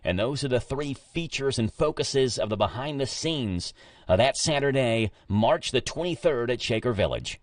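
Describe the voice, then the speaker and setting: Kentucky male host, mid pitch, joking and casual, slightly distant from the mic. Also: lively intonation, normal speed, no echo, clean studio sound. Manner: chatty, jokey, stumbles over fancy words. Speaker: radio show host. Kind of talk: casual radio interview.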